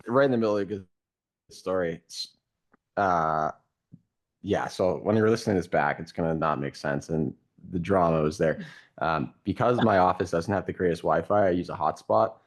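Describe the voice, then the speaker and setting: A man's voice: low-pitched, moderate pace. A man hosting a podcast, chatting casually and teasing his co-host.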